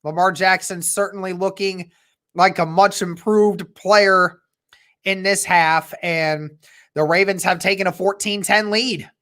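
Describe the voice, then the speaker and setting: A fan host calling a football game play by play on a casual livestream, measured and often restarting sentences. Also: mid-range voice, fairly even intonation, a bit bright.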